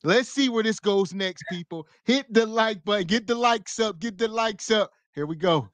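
A man's voice: high voice, moderate pace, no room sound. A man co-hosting a reaction podcast, laughing often and hyping up the viewers. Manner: laughing, hype, urges viewers to like. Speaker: podcast co-host. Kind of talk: casual reaction commentary.

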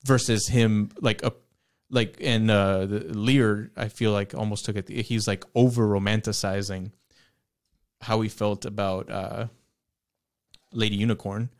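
Man, low voice, dry sound, casual book chat, rambling. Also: steady tone, unhurried, no room sound. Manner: rambling, searching for words. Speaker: podcast co-host.

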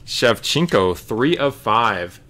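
A man's voice: medium pitch, sing-song, slow pace, a bit bright. A man hosting a live trading card break, casually calling out each card as he opens packs.

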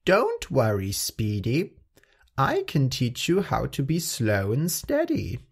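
Man voicing a calm patient tortoise lady. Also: medium pitch, slow pace, breathy edge, full character voice. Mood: kind. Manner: quiet and kind.

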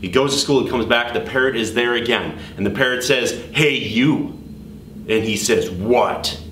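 A man hosting school announcements, telling corny jokes and a long story in a deadpan way. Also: mid-range voice, brisk, slight background noise. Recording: echoey room, mic far off.

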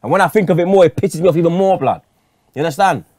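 A man's voice: fairly high pitch, fast, a little mellow, dry recording, studio quality. A man ranting furiously as a fan pundit, swearing and ending lines with street slang. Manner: angry, swearing, street slang at every line end. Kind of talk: heated fan rant.

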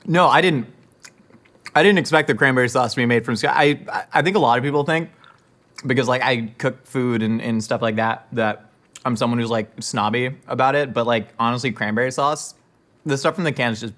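A man's voice: medium pitch, fairly quick, fairly bright tone. A man in the middle of his range rambles through awkward dinner-table small talk. He trips over fillers and restarts and drifts from topic to topic, with no note of any recording fault. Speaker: host. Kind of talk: scripted comedy monologue to camera.

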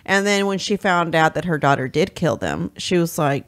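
A woman co-hosting a podcast, lively and chatty as she recounts stories. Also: lowish voice, normal speed. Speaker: podcast co-host. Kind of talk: casual chat.

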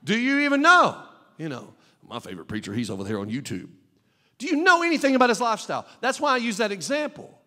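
A man's voice: extremely high pitch, huge pitch swings, fast. Fervent preacher man in a reverberant hall. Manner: fervent, rising to shouts. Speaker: pastor. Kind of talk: sermon. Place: church sanctuary.

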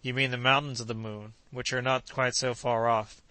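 A stubborn, doubting gentleman hunter, voiced by a man who refuses gruffly. The voice is bright and smooth, recorded dry and close. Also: medium pitch, level tone, moderate pace, dry recording, close to an everyday voice.

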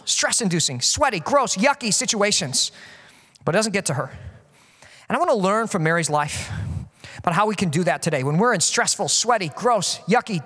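A man in his thirties, a pastor preaching a sermon and telling stories in an animated, joking way with acted-out quotes. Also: sits high, long reverb tail. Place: church.

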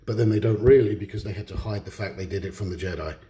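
A man's voice: on the low side, quick pace, mellow. A male podcast co-host giving a blunt, profane, rambling opinion in a casual recorded message. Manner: blunt and profane, full of restarts.

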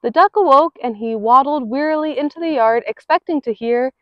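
A woman reading a picture book aloud in an expressive, rhythmic way. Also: sits high, fairly quick, no echo. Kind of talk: read-aloud storytelling. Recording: dull lo-fi recording.

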